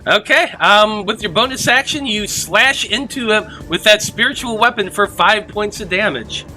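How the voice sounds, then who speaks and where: A game master narrating a tabletop game in a relaxed, easygoing way. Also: medium pitch, normal speed, faint music behind.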